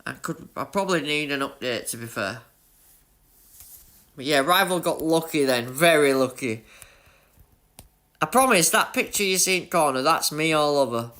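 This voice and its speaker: Excitable Yorkshire man streaming races. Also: on the high side, moderate pace, pauses often. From Leeds, Yorkshire, England. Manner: excitable, chatty, talks to chat. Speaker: gaming streamer. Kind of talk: live gameplay commentary.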